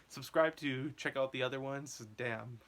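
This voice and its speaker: A man's voice: medium pitch, fairly even intonation, moderate pace, fairly bright tone, a little hiss or hum. A rambling young man telling a story. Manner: rambling, laughing often, lots of filler words. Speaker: vlogger. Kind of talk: casual storytelling.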